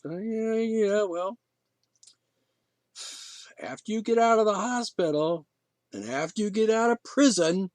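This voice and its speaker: Indignant high-pitched ranting man. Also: takes it slowly, pauses often, darkish tone, no echo. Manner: indignant, sarcastic, rambling with restarts. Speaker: podcast host. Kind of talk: ranting monologue.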